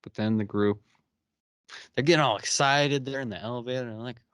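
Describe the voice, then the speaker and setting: Recorded dry and at studio quality, this podcast host's voice is mid-range and clean in tone. He gives an easygoing rundown of a TV episode, lively throughout, voicing the characters' lines through rapid impressions.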